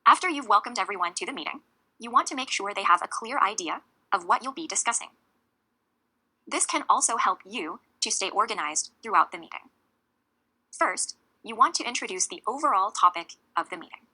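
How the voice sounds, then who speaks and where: A woman narrating a scripted English lesson, speaking clearly and slowly with deliberate emphasis on key words. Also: mid-range voice, lively intonation, sharp tone, low-quality recording. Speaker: English teacher.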